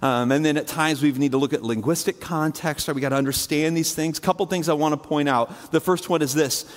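A male pastor preaching a conversational sermon full of fillers, dropping to a hushed low voice and rising high again as he retells a scene. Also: steady tone, brisk, long reverb tail. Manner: conversational, imaginative storytelling with many fillers; swings between hushed low and raised high delivery.

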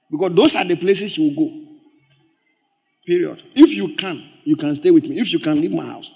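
A male pastor preaches in a high, lively voice. His pitch leaps around as he repeats words for emphasis. He drops from loud exclamations to hushed storytelling and back again. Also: normal speed, vocal fry. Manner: swings from loud exclamations to low, quiet storytelling. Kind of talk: sermon.

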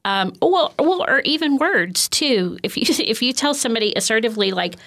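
A woman counselor explains communication skills in explanatory interview talk, keeping it conversational and filled with "um" and "you know." Her voice sits on the high side, expressive and a bit bright, with some creak, at a moderate pace.

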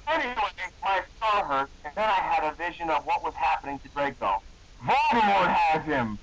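A man's voice: on the high side, animated, a little fast, muffled recording, noisy background. A young man hosting a podcast, reading a silly story aloud in a mock-serious, comedic way. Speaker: podcast co-host.

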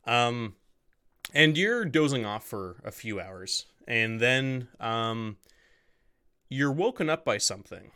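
Male game master, bright tone, rambling, casual narration. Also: mid-range voice, lively intonation, takes it slowly, clear, resonant tone. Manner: loose, full of "um" and "like".

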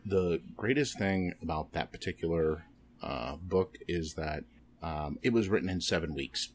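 Deep male podcast guest, hesitant and rambling, faint ambience. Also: slight background noise. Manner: halting, many ums and restarts. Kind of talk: casual podcast chat.

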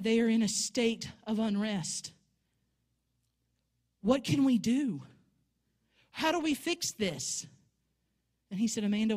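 A woman's voice: medium pitch, mellow. A woman preaching a sermon in a church sanctuary, telling a story and building to fervent exhortation.

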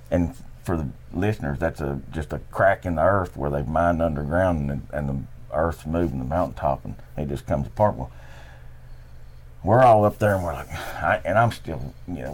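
A man telling hunting stories in a casual chat at camp, animated and laughing often. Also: sits low. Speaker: podcast guest. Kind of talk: casual storytelling. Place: camp room, at night.

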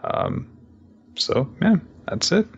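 A man co-hosting a podcast, recapping comics in animated storytelling with frequent laughs. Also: a little high, slow, gravelly, muffled recording, a little hiss or hum. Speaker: podcast co-host. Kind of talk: casual chat recapping a comic.

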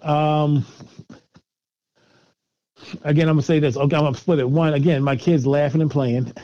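Middle-aged male interview guest, higher pitch, animated and laughing, lo-fi dry recording. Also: normal speed. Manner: animated, repeats words while thinking, laughs often. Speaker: guest filmmaker. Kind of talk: casual interview answers. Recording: dull lo-fi dry sound.

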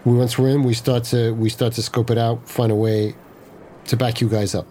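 A man's voice: medium pitch, level tone, moderate pace, dark tone, a little hiss or hum. A man playing a tabletop game, talking playfully and often restarting his sentences. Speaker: player. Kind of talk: tabletop game play, in character.

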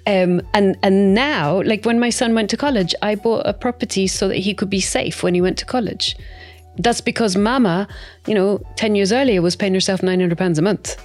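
A middle-aged woman, chatting as a podcast guest in an animated way with playful asides. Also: mid-range voice, normal speed, soft background music. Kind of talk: casual podcast chat.

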